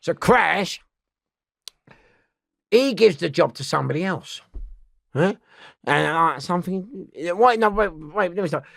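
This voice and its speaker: A man's voice: sits high, animated, measured pace, gravelly, long pauses, fairly bright tone, no echo, clean studio sound. A man telling rambling prison stories as an interview guest, swearing and laughing, often restarting. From London. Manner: swearing, laughing, keeps restarting his story.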